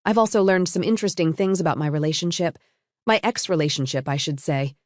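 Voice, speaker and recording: A woman voicing a composed young woman who calmly confronts a betrayal, her tone cool and pointed. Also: on the low side, quick pace, no room sound, studio quality, natural voice. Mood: cold. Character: calm, cutting young woman exposing a cheater.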